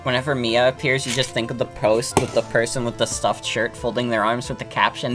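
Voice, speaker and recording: A woman's voice: extremely low pitch, level tone, fairly quick, few pauses, music in the background. A woman streamer making casual, joking asides while playing a game. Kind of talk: casual gameplay commentary.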